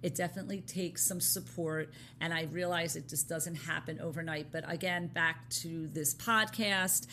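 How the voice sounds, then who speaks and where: Effusive woman podcast co-host, lowish voice. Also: fairly even intonation, normal speed, hardly any pauses, slight background noise. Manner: effusive, gives shout-outs. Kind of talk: casual chat.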